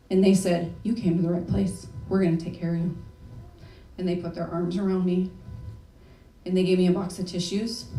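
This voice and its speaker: A woman's voice: lowish voice, mellow. A young woman talking candidly and emotionally in a personal story talk, with casual swearing. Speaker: speaker. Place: event hall. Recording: echoey room from far off.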